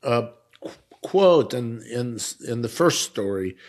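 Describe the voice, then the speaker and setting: A middle-aged man with a Russian accent, hosting a casual conversation, speaking haltingly with many fillers and restarts. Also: mid-range voice, lively intonation, a little mellow. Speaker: editor and podcast host.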